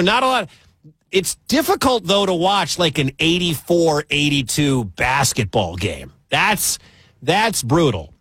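A man's voice: on the high side, husky, dry recording. A man hosting a call-in sports radio show, joking and bantering with callers. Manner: lively, jokey, fast banter with callers.

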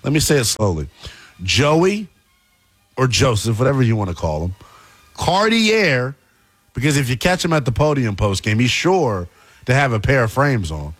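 An emphatic male football analyst who talks with big, lively swings in pitch. He is playful and punchy, drawing out his key words for effect. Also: fast talker, breathy edge. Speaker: sports analyst. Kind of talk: animated sports talk.

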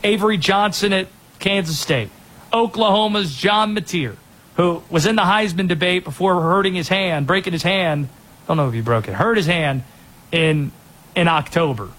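Male sports talk host, high husky voice, animated, opinionated rundowns. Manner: energetic, opinionated, quick rundowns.

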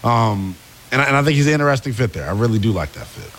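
A man co-hosting a sports talk radio show, giving measured analysis with many pauses. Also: medium pitch, lively intonation, fairly bright tone, a little hiss or hum.

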